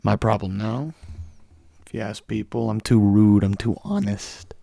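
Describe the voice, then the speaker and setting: Hoarse young man ranting bluntly. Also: fairly low pitch, a little slow, dark tone, no room sound, studio quality. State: hoarse from a cold. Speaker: podcast host. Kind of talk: solo podcast monologue.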